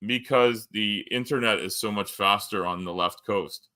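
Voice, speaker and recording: A man's voice: fairly low pitch, moderate pace, sharp tone. A Canadian man with a Canadian accent hosting a casual live-stream chat, rambling and joking with lots of fillers. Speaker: host.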